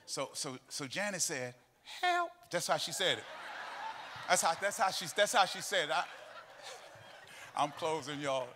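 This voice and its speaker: A middle-aged man preaching a sermon in a church. He tells stories and breaks into sung, shouted cadences, with faint music behind him. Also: a little high, moderate pace, a little hiss or hum. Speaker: pastor. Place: church sanctuary.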